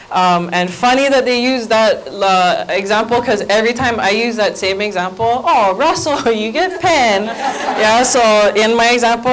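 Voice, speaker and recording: A woman's voice: medium pitch, a little hiss or hum, rough recording. A woman with a Hawaii accent giving a playful workshop presentation as a Hawaiian language teacher, getting the audience to repeat phrases aloud.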